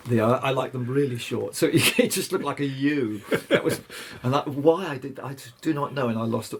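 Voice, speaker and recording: An older man, telling rambling fishing stories as a guest, halting and restarting often. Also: medium pitch. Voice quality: gravelly, husky. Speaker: guest angler. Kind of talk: anecdotal storytelling.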